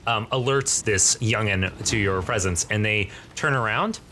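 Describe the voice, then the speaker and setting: Game master narrator, rambling and casual, with faint background hiss. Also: male voice, lowish voice, measured pace, sharp tone. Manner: rambling, many fillers.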